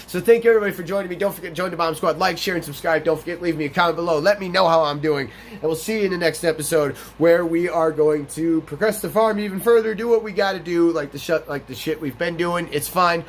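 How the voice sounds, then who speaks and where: A man's voice: fairly high pitch, fast, hardly any pauses, a little hiss or hum. A man hosting a gaming channel, telling a rambling, profane, self-deprecating story over a game playthrough.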